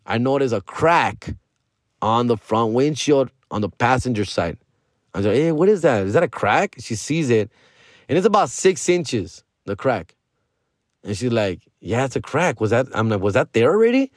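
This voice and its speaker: A man's voice: medium pitch, dry recording, clean studio sound. A man hosting a podcast, telling a story casually and profanely, acting out the people in it. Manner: profane, animated retelling with quoted dialogue. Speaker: podcast host.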